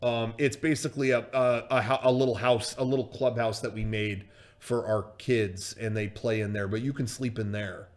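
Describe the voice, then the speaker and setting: A man tells a long comic story on a livestream. His delivery is loose and rambling, full of fillers and swearing, and his voice sits at an average pitch. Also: steady tone, normal speed. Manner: rambling, profane, with many fillers. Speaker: comedy show host telling a story. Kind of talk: casual comedic storytelling on a livestream.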